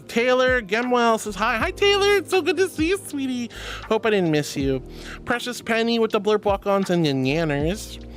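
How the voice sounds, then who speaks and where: Bubbly, lively-voiced woman streamer. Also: fairly low pitch. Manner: bubbly, affectionate, calls viewers sweetie and honey; reads chat messages aloud. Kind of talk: casual live-stream chat.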